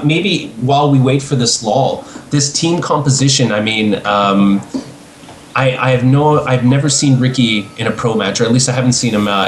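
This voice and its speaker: A man calls a video game match play by play, his voice at an ordinary middle pitch. He is excitable and laughs easily, and a faint hiss of noise sits behind him. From Canada. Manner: excitable, laughs often, casual. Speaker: esports caster.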